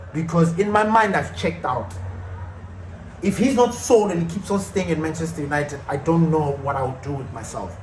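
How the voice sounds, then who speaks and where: A man ranting heatedly as a football fan channel host, swearing and repeating himself in outbursts. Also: a little high. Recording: echoey room with faint noise.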